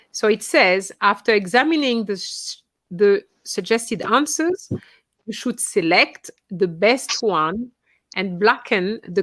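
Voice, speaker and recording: A woman's voice: medium pitch, a bit bright. A woman teaching a French class online, explaining instructions patiently and checking in with her students.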